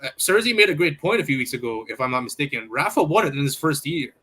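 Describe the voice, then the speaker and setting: A man with a bright, forward-sounding voice hosts a casual sports talk show. He poses questions to his panel and often stops to rephrase mid-sentence. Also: on the high side, sing-song, fast talker, slightly rough. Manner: asks questions, hesitant restarts. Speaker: podcast host.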